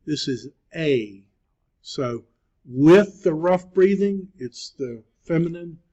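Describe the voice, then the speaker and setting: A man teaches biblical Greek to a class at an unhurried, deliberate pace. He talks patiently and encouragingly, pausing often. The classroom recording sounds muffled and lo-fi. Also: a little high, expressive, dark tone. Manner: slow, patient, encouraging, with many "uh" pauses. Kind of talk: classroom lecture.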